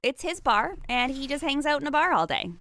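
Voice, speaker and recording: Female player, higher and bright voice, playful and joking in casual chat. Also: very animated, fairly quick.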